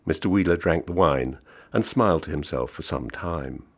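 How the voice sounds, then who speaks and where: A man reading a literary short story aloud in a measured, understated way. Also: a bass voice, slightly rough. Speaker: reader.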